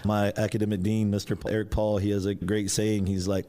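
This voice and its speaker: A man, a school principal telling relaxed stories as a guest and acting out remembered conversations. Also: fairly low pitch, brisk. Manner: relaxed storyteller who acts out remembered dialogue. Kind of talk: casual storytelling interview.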